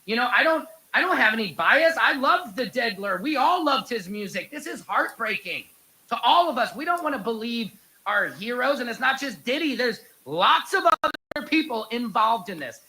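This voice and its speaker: A man's voice: extremely high pitch, big pitch swings, moderate pace, sharp tone, poor audio. A man telling a story in a casual, jokey vlog and calling his viewers Patriots. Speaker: online commentator.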